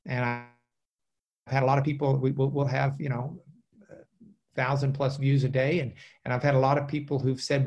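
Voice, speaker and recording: A man, a trial lawyer, telling animated stories as an interview guest, with many fillers and restarts. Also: medium pitch, normal speed, long pauses. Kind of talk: casual storytelling interview.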